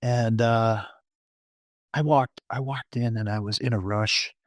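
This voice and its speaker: A man of middle pitch tells his story to a podcast host in an animated way. He acts out his own thoughts in little quoted asides and often stumbles and restarts. The sound is dry and close. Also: slow, no echo. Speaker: podcast guest. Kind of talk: conversational personal testimony.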